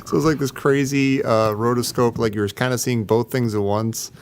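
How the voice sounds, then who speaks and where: Man, podcast co-host, deadpan, self-deprecating, casual banter. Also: mid-range voice, brisk, slight background noise. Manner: dry, self-mocking humor. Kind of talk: casual chat.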